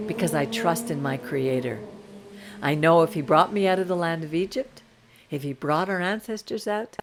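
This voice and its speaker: Earnest woman leading a Torah class. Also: low voice. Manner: earnest, encouraging, preaching tone. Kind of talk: informal Bible class over a call.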